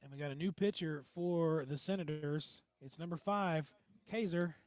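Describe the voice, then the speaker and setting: Male play-by-play caller, local radio baseball, slightly high voice, dry close sound, folksy and easygoing. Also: moderate pace, no echo. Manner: folksy, relaxed banter between pitches. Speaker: play-by-play announcer.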